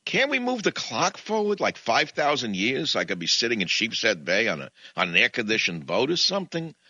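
A man voicing a reluctant, self-pitying Moses who complains in a high, whining voice. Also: huge pitch swings, brisk, bright, forceful tone, breathy edge, no echo, dull audio, full character voice. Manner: whining, high-pitched kvetching.

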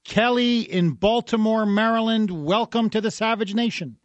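A man's voice: sits high, normal speed, no room sound, muffled recording. A man hosting a political radio talk show, combative, sarcastic and openly scornful. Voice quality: sarcastic, scornful, mock gasps.

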